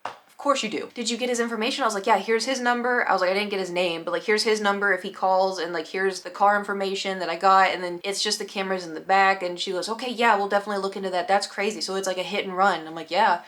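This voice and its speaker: A young woman telling a storytime vlog, animated, acting out other people's lines in quick quoted voices. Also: mid-range voice. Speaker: vlogger. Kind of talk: casual storytime.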